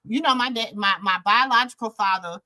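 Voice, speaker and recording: A woman from Minnesota with a Southern-tinged accent, hosting a casual live chat and telling relaxed stories. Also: a little high, a little fast, poor audio. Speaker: channel host.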